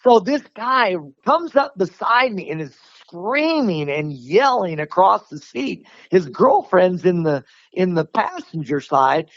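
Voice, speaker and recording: Animated storytelling man, lo-fi sound. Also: sits high, takes it slowly, dry recording. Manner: animated, laughs while telling a story, many restarts. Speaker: martial arts instructor, podcast guest. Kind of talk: casual storytelling.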